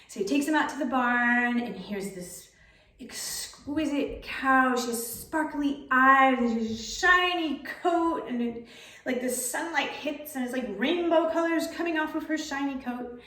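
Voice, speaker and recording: A woman telling a folk tale aloud in a relaxed, conversational way. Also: sits high, normal speed. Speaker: storyteller. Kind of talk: spoken storytelling. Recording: roomy, distant mic.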